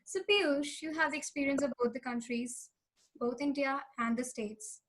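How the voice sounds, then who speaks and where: High-voiced woman podcast host. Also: moderate pace. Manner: brief prompts and steady mm-hmms. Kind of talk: casual interview questions.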